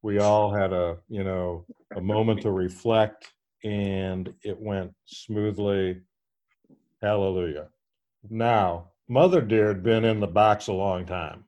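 A fairly low-pitched man hosting a podcast, spinning a rambling anecdote for his friends. He pokes fun at himself and chuckles through the telling, in a loose, casual way. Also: fairly even intonation, slow, a little mellow, highs cut off. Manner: rambling, self-mocking, laughs while telling. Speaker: podcast host. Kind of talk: casual storytelling.

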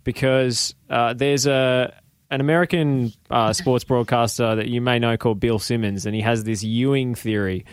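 A man's voice: medium pitch, fairly even intonation, moderate pace, smooth, dry recording. Dry-sounding male host asking questions. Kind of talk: casual interview questions.

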